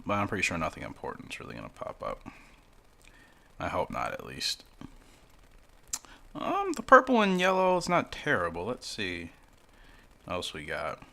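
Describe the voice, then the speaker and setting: Low-voiced guy rambling through a phone game for his channel, voice bouncing all over, chill and self-deprecating. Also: huge pitch swings, moderate pace, gravelly, pauses often, sharp tone. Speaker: gaming YouTuber. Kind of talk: casual mobile game commentary.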